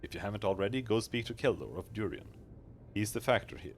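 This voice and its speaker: A man's voice: fairly low pitch, lively intonation, fast, slight background noise. A man voicing an aloof mystic woman in a fantasy game who can reshape souls, speaking in a grave, archaic, condescending way.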